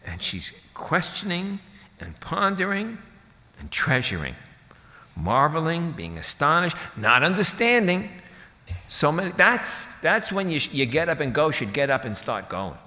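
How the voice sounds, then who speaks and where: A male pastor delivering a sermon with a bright, forceful tone. He talks casually, cracks jokes and slips into voices for the people in his story. His voice rings out with a long reverb, like a church sanctuary. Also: a little high, very animated, measured pace. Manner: conversational, jokey, acts out voices of people in the story.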